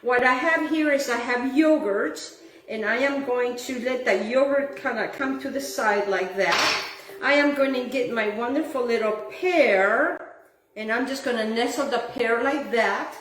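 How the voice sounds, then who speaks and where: A cooking show host demonstrates a recipe in her kitchen, her voice a little high and a bit bright at a measured pace. She's gushing and effusive, occasionally singing phrases, and sits far from the mic in an echoey room with a faint background hum.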